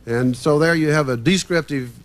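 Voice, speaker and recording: A man's voice: fairly high pitch, moderate pace. A man speaking as a panel guest, telling anecdotes in a hesitant way with frequent fillers. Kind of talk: panel discussion.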